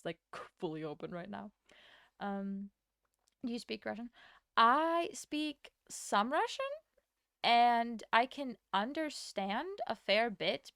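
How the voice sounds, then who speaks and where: Young woman streamer with a smooth, gravelly voice. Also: medium pitch, fairly bright tone, no room sound, studio quality. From Latvia. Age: young adult. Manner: chatty, rambling, answers chat with quick laughs. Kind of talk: casual chat while drawing on stream.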